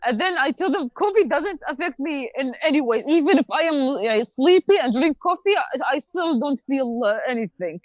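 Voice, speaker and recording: High-voiced hesitant woman co-hosting. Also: lively intonation, no room sound, highs cut off. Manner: hesitant, many "uh" pauses, laughs often. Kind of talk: casual livestream chat.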